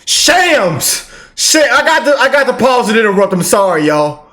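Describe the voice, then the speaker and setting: A man hosting a reaction channel, talking casually and excitedly to his viewers in fast bursts. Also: very high-pitched. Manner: excited, animated, talks fast in bursts, drawls slow commands. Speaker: commentary channel host.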